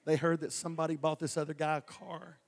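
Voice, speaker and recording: A man's voice: fairly high pitch, little pitch movement, fast talker, gravelly. A male evangelist telling a testimony from the pulpit, folksy, with stammering restarts and chuckles. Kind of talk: preaching a testimony. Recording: long hall reverb.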